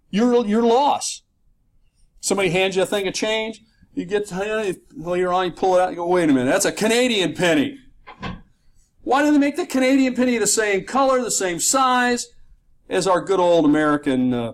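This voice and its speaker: Lively high-voiced joking lecturer man. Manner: jokey, teasing, rhetorical questions. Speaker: economics lecturer. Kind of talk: classroom lecture with joking asides. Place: classroom in Florida.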